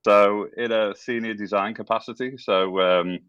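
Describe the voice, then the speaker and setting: Deep-voiced Scouse man, hesitant. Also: steady tone, moderate pace, a bit bright, smooth, dry recording, muffled recording. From England. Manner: hesitant, many ums and restarts. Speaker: guest, former game developer. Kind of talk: casual interview talk.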